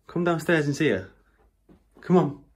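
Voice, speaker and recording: A woman filming at home, talking to her dogs in a soft, coaxing, affectionate way. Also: sits low, animated, normal speed, slight background noise. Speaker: dog owner and new mother filming at home. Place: family home.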